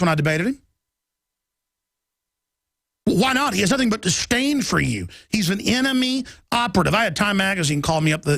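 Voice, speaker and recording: Gravelly ranting talk radio man. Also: high-pitched, a bit bright, dry recording. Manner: heated, rapid, ranting delivery. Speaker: radio talk show host. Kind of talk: political talk radio monologue.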